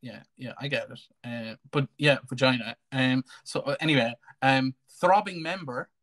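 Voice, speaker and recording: A man's voice: medium pitch, steady tone, moderate pace, fairly bright tone. An Irish man hosting a casual live stream chat, joking and bantering with lots of fillers and restarts. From Ireland.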